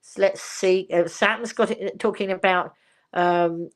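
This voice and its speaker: A woman's voice: mid-range voice, fairly even intonation, slow pace. An older woman from England hosting a casual live chat at home, rambling cheerfully, laughing often and reading viewer comments aloud. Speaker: livestream host.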